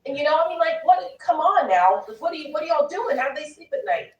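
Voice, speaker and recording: A woman's voice: high voice, expressive, fast talker, highs cut off. A woman commentator on a political panel, speaking with indignant, emphatic force. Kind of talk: heated political discussion. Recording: roomy echo from a distant mic.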